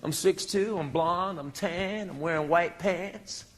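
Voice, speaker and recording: A male stand-up comedian telling a story on stage in a brash, self-mocking and animated way. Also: sits high, unhurried.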